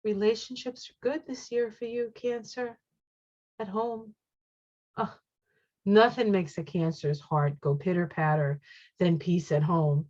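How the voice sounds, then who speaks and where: A woman giving a casual tarot reading, chatty and excitable, reacting aloud to each card as she turns it. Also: mid-range voice, a little slow. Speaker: tarot reader. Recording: dull lo-fi sound.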